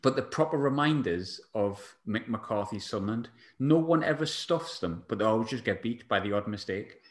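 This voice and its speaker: A man's voice: lowish voice, animated, moderate pace, roomy sound. A man hosting a casual football chat, chatty and jokey, asking lots of questions.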